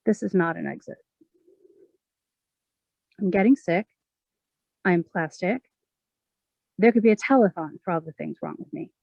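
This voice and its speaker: Woman poet, measured expressive reading, creaky tone, close dry mic. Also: fairly low pitch, no echo, lo-fi sound. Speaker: poet reading her own work. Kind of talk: poetry reading.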